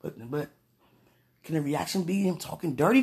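A vlogger speaking an emotional, pleading prayer to the camera, swinging between quiet murmurs and excited bursts. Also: mid-range voice, moderate pace, creaky, long pauses, husky. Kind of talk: casual spoken prayer to camera.

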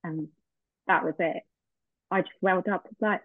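A podcast guest with a lowish, steady voice tells a heartfelt story from her life during an interview, voicing the dialogue she remembers. She speaks at a moderate pace, and the line sounds tinny and phone-like, dry with no echo.

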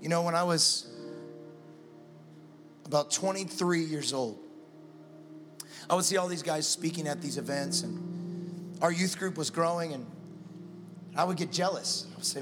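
A pastor preaching a sermon in a church, telling stories and acting out the dialogue in them. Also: male voice, a little high, a little slow, long pauses, big-room sound, over music. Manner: storytelling, acting out dialogue with God.

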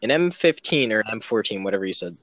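A man's voice: lowish voice, very animated, quick pace, fairly bright tone. A young man in casual chat, rambling and easily sidetracked as he explains things.

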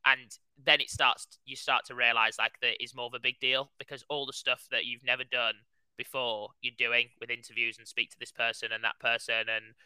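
Bright, animated man telling a story. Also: medium pitch, brisk, clean tone, no room sound, poor audio. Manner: animated storytelling, heavy use of "like". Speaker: podcast co-host, runner. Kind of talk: casual chat.

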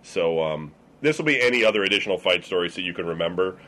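A man's voice: sits low, expressive, fast talker, fairly bright tone. A man hosting a casual chat, prompting the others to tell their stories. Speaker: host.

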